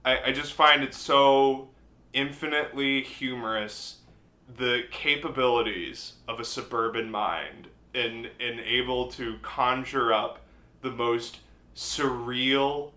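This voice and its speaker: A man co-hosts a casual podcast in a playful, rambling, often profane way. His voice is very bright and forward, and the room around him rings with a noticeable echo. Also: mid-range voice, takes it slowly. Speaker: podcast co-host. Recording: roomy echo.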